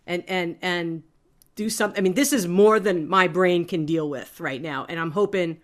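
A woman's voice: fairly low pitch, normal speed. A woman playing a tabletop game, speaking hesitantly as she describes her turn. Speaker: player.

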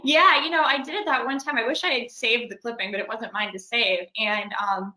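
A woman's voice: on the high side, a little fast, sharp tone, roomy sound, rough recording. A young adult woman, an actress and singer, chatting animatedly in an interview and laughing now and then. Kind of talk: casual interview.

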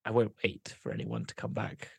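A man plays a tabletop game, with a lively, wide-ranging voice as he thinks aloud. He hesitates and restarts while planning his moves. The sound is dry and close. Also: sits low, brisk, vocal fry, breathy edge, no echo. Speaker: player. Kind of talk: casual tabletop game play.

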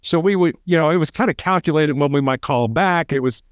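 Fast-talking man, a former hostage negotiator. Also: on the high side, clear, resonant tone, no echo, clean studio sound. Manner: fast-talking, repeats words on restarts. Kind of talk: casual interview storytelling.

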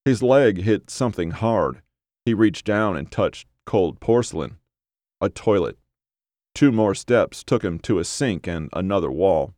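A male audiobook narrator with a fairly low voice, telling the story at a measured pace. The recording is dry and close, with no room sound. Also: darkish tone, dry recording.

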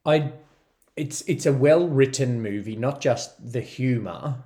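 A man's voice: medium pitch, measured pace, mellow. Dry-humoured man co-hosting a movie podcast. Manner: dry quips and short agreements. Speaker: podcast co-host. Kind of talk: casual movie review chat.

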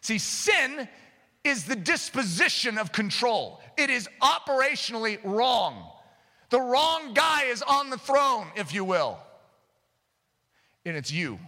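A man preaching a sermon as a pastor, telling an animated story and breaking into shouts. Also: extremely high pitch, slow, big-room sound.

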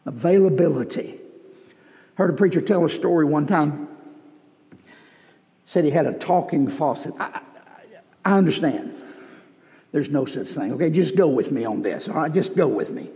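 A man's voice: a little high, expressive, moderate pace, pauses often, dark tone. A man preaching a sermon as pastor, telling folksy stories with joking asides. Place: church sanctuary. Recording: reverberant church hall.

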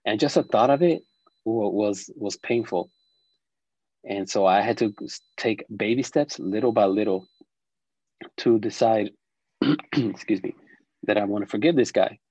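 A middle-aged man telling a personal story as an interview guest, reflective and halting, with frequent restarts. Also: fairly low pitch, dark tone, husky, no echo, dull audio.

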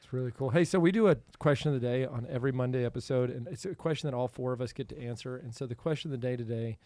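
A man hosting a podcast in casual chat, animated and laughing often. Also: medium pitch, racing, no room sound. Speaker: podcast host.

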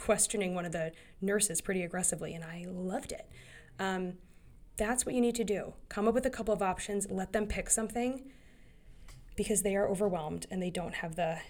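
A woman in her thirties hosting a solo podcast, giving earnest, rambling advice straight to her listeners. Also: mid-range voice. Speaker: podcast host.

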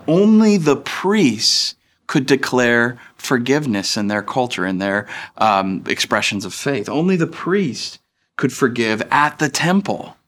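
A man's voice: medium pitch, fairly bright tone. A man in his thirties preaching a sermon as pastor, in a casual, chatty way that acts out the people he quotes.

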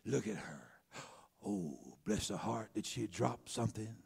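A man putting on a slow, deep, seductive impression of a soul crooner in the middle of a sermon. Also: big pitch swings, creaky, darkish tone, husky, full character voice. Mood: crooning. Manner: slow, low and sultry.

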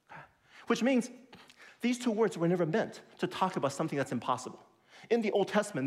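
Man preaching a sermon, high voice. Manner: conversational, emphatic, self-deprecating humor. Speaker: pastor.

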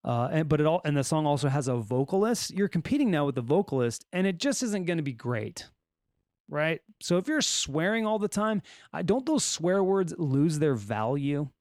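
A man's voice: fairly high pitch, very animated, moderate pace, darkish tone, no echo, clean studio sound. A man with a Californian accent hosting a solo podcast, reading odd news stories and tossing in joking asides. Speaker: podcast host.

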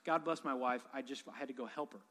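A man's voice: medium pitch, fast talker, fairly bright tone. A man in his thirties preaching a sermon, telling stories with humor and animation. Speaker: pastor. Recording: long hall reverb.

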